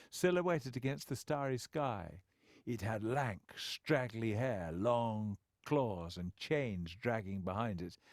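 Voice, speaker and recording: A man narrating a book as an expressive storyteller with wry asides, close to the mic. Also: medium pitch, no echo. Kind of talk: scripted narration.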